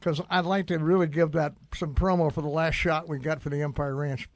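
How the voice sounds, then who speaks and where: A man's voice: fairly high pitch, steady tone, fairly quick, no echo. A man hosting a radio talk show, talking casually and rambling with many fillers and restarts.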